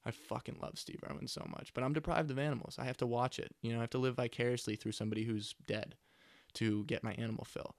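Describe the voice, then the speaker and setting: A man's voice: mid-range voice, fairly even intonation, quick pace, vocal fry, dry recording. A man in his twenties rambling through a casual, profane podcast monologue on a close mic. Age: 20s. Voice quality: profane, laid-back and chatty. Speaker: podcast host. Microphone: close studio mic.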